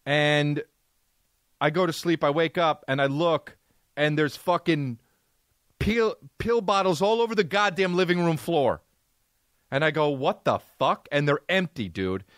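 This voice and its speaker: A man's voice: a little high, measured pace, a bit bright, dry recording, clean studio sound. A man in his thirties, a comedian and podcast host, telling a rambling, profane comic story.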